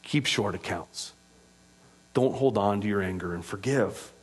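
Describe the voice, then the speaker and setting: A man preaching a sermon as pastor, with passionate delivery that rises to loud, emphatic peaks. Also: on the low side, a little slow, husky.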